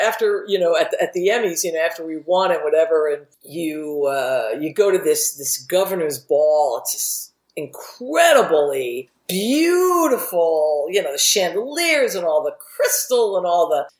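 A middle-aged woman tells her stories in a candid, rambling way and swears now and then. Her voice sits at an ordinary pitch, and the room gives it a noticeable echo. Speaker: guest, TV writer and producer. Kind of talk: casual storytelling interview.

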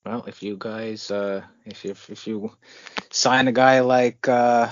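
A man co-hosting a casual sports podcast, relaxed, reading out draft news with his own asides. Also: on the low side, slow, no room sound, dull audio. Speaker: podcast co-host.

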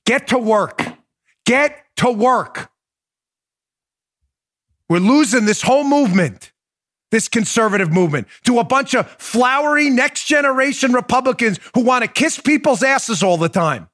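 A man's voice: very high-pitched, expressive, normal speed. A middle-aged man hosting a political show, ranting bluntly and profanely and hammering the same short commands again and again. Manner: shouting, repetitive, blunt and profane. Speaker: political podcast host.

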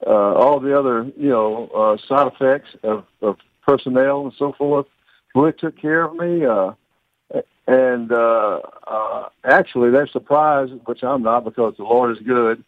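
An older man, calling in to a radio show, cheerful and earnest with halting speech. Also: mid-range voice, dry recording. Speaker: caller. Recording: tinny phone line.

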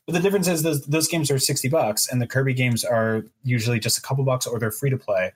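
A man's voice: medium pitch, fairly even intonation, fast talker, hardly any pauses, slightly rough. A man co-hosting a casual game podcast, thinking aloud in an easygoing way. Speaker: podcast co-host. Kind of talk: casual chat.

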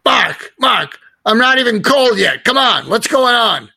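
A man's voice: extremely high pitch, very animated, a little slow, vocal fry, bright, forceful tone, no echo, studio quality, pitched above the performer's own voice, full character voice. A man voicing a crusty old talk-show host with a Brooklyn accent, in a raised, needling voice. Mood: teasing.

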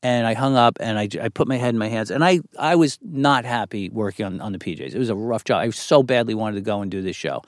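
A man's voice: fairly low pitch, fast, hardly any pauses, no echo, clean studio sound. A middle-aged man, a TV writer and producer, telling a long story as a podcast guest. He talks candidly, swears freely and acts out the people he quotes. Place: studio.

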